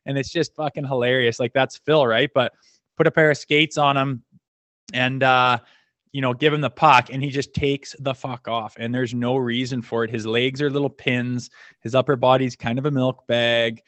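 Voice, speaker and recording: A middle-aged Canadian man, once a hockey player, tells loose stories as a podcast guest, laughing and swearing freely in a laid-back way. His voice is medium-pitched and fairly bright, with fairly even intonation, normal speed and no echo.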